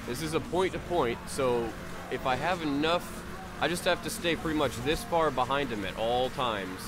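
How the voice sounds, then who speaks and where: A man who is sick and low on energy gives live commentary on a racing game, excitable and swearing freely. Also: normal speed. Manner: excitable, swears freely, cheers during races. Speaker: video game streamer. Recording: noisy, with racing game sounds. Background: car engines and game sounds.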